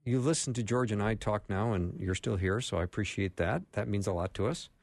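A man's voice: on the low side, brisk, darkish tone, no echo. A man hosting a faith-based recovery radio talk show from a studio, folksy and affirming, with short agreements. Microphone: studio microphone.

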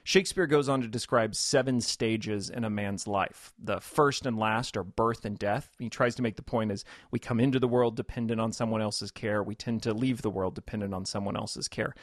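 A man's voice: fairly low pitch, steady tone, moderate pace, few pauses, no room sound, studio quality. A man, a pastor and author, thoughtfully explaining scripture as a guest in a radio interview. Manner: reflective, explains scripture with quoted voices.

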